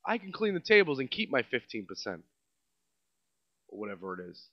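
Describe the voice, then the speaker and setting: A man with a New York accent doing a comedic rant as a podcast host, sarcastic and mocking, his voice swinging between loud outbursts and mutters. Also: mid-range voice, very animated, a little fast, dry recording, muffled recording. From Staten Island, New York.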